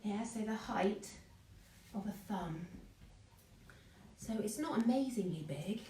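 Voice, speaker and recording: A woman's voice: medium pitch, expressive, takes it slowly, dark tone, recorded from a distance, slight background noise. A woman teaching children a live online baking class, chatting and encouraging, greeting viewers by name. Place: home kitchen. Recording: echoey kitchen, away from the mic.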